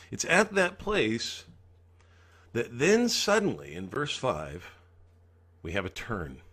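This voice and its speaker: A man's voice: medium pitch, sing-song, slow pace, pauses often, fairly bright tone, husky. A man preaching a sermon as pastor, earnestly acting out the psalmist's pleas.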